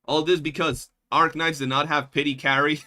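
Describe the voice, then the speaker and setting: Slangy New streamer guy, bright voice. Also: fairly high pitch, level tone, normal speed. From New York. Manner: loose, profane, slangy, keeps saying bro. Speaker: livestreamer. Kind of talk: casual chat with viewers.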